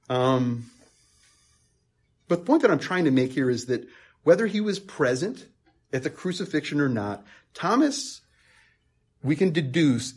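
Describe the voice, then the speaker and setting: A man's voice: medium pitch, very animated, unhurried, pauses often, darkish tone, breathy edge. A man preaching a conversational sermon, earnest and emphatic, repeating words as he thinks aloud and rising into passionate peaks.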